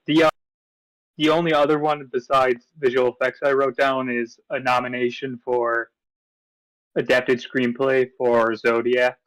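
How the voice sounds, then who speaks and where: A man's voice: mid-range voice, no room sound, poor audio. A man co-hosting a movie podcast in casual chat, easygoing, running through his picks from notes with fillers. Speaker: podcast co-host.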